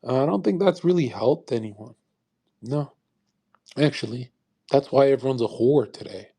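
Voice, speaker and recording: A man's voice: medium pitch, normal speed, mellow. A young man in his twenties hosting a live audio room, talking in a crude, combative and boastful way. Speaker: livestream host.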